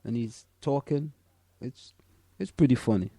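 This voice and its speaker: A man's voice: mid-range voice, unhurried, creaky, mellow, dry recording, studio quality. A Caribbean-born man co-hosting a casual chat, talking emphatically with many stammered restarts. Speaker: podcast co-host.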